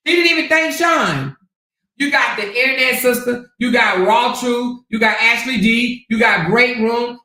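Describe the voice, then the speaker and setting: A woman's voice: fairly high pitch, pushed and bright, recorded from a distance. A woman hosts a livestream, talking bluntly and sassily, swearing freely and calling listeners honey and child. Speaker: livestream host. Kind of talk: casual livestream commentary. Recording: echoey room, off mic.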